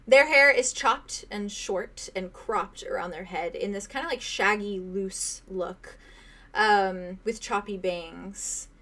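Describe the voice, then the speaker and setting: A woman's voice: mid-range voice, slow, a bit bright. A young woman running a tabletop game as game master, describing a scene in detail with fillers and small laughs.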